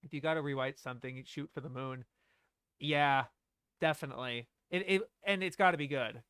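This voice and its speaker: A young man streaming casual film commentary, animated and laughing, reading dialogue lines aloud. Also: mid-range voice, normal speed, smooth, no echo.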